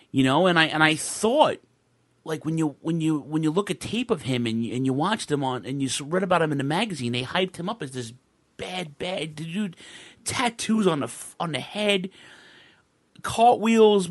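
A man telling a long, rambling story in casual talk, often restarting and swearing, heard through a home microphone over a video call. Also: a little high. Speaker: podcast guest telling a wrestling fan story.

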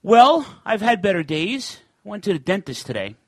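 A man in his forties hosts a casual internet radio show. His voice sits a little high and swings up and down a lot as he rambles through a story, acting out the people in it. The sound is close and dry. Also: sing-song, normal speed, no echo. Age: 40s. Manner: chatty storyteller, acts out other people's lines. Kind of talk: casual podcast chat.

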